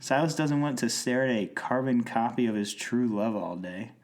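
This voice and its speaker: A man's voice: medium pitch, expressive, moderate pace. A young man co-hosting a podcast, joking around as he reads through plot points of an episode. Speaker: podcast co-host. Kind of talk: casual chat recapping a TV episode.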